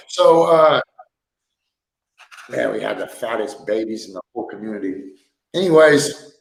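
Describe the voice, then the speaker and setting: A man hosting a casual livestream from a sparse room at home, telling rambling stories and joking, laughing often. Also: mid-range voice. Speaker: livestream host. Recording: echoey room.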